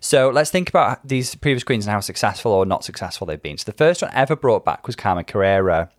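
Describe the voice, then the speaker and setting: A man's voice: fairly low pitch, expressive, fast talker, dry recording, clean studio sound. A man hosting a podcast in casual chat, recounting past events at length in a chatty, gossipy way. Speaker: podcast host.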